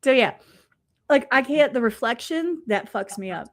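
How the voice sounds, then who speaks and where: A woman with a fairly high voice telling animated stories in casual chat. She swears freely and talks in loose, rambling runs. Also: moderate pace.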